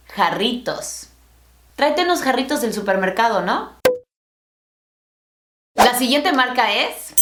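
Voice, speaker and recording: A young woman teaching pronunciation in a bilingual lesson, speaking with clear, deliberate enunciation. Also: fairly high pitch, a bit bright, echoey room. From Latin America. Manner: clear, deliberate enunciation, switching between English and Spanish. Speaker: language teacher.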